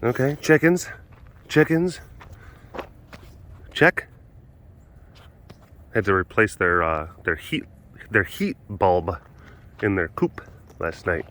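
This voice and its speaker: Slow-talking man touring an animal facility. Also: lowish voice, very animated, fairly bright tone. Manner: chatty, laughs often, talks baby-talk to animals. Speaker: animal caretaker. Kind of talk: casual vlog walkthrough. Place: outdoor animal facility in winter.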